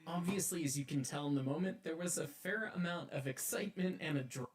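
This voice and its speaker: A man's voice: a little high, brisk, a little hiss or hum. A man telling an earnest, enthusiastic and detailed story about railways. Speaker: railway enthusiast telling of driving a steam locomotive.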